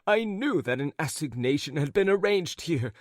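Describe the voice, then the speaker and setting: A man's voice: a little high, expressive, normal speed, no echo, clean studio sound, lightly acted. A man voicing a flustered, jealous husband who stammers and fawns as he babbles on. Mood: flustered fawning.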